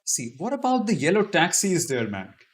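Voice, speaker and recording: A man's voice: high-pitched, huge pitch swings, moderate pace. A man hosting a casual live-stream Q&A, reading out viewer comments and answering them with chatty, self-deprecating humor. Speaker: YouTube live stream host.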